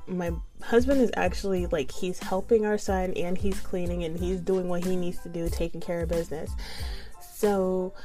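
A young adult woman telling a frustrated storytime, swearing freely and laughing often. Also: fairly low pitch. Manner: profane, animated, laughs often. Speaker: vlogger. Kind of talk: casual storytime monologue.

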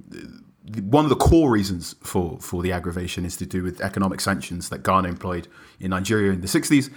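A man reporting on the line for a sports show, explaining in a measured way with frequent pauses. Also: sits low. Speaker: correspondent on the line. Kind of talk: explaining in a conversational interview.

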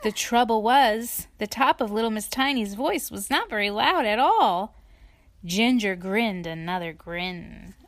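A woman with a medium-pitched voice reads a children's story aloud at a measured pace. She makes it expressive and playful, slipping in asides to her listener.

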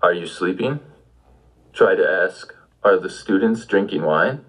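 A man's voice: deep voice, animated, a little slow, fairly bright tone, husky, rough recording. A man giving an audio language lesson, patiently prompting the listener with questions. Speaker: language teacher.

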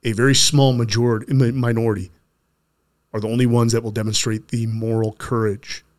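A man's voice: medium pitch, flat delivery, brisk. A middle-aged man hosting a conversational interview, speaking earnestly and often stopping to restart his sentences. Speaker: podcast host.

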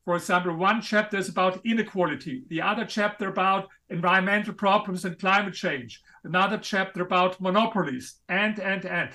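A man with a German accent, a guest author making his case in an interview, speaking emphatically and a little haltingly. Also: sits high, fairly even intonation, pushed and bright. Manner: emphatic, a bit halting, non-native grammar. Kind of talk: interview conversation.

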